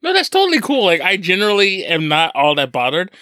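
A man co-hosting a casual music podcast, animated, laughing often and swearing freely. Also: sits high, fast, dry recording, studio quality. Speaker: podcast co-host.

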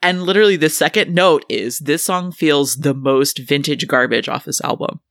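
A co-host in a casual music podcast, relaxed, reading from notes and swearing casually. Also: mid-range voice, moderate pace, vocal fry, no room sound, studio quality.

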